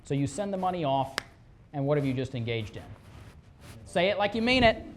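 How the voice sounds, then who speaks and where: Detective teaching a class, highly animated, swooping pitch, quizzes the room, slips into scammer voices. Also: slight background noise. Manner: animated, fires rhetorical questions at the audience; acts out scammers' lines in quick put-on voices. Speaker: police fraud detective. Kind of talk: lively classroom presentation. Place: presentation room with a live audience.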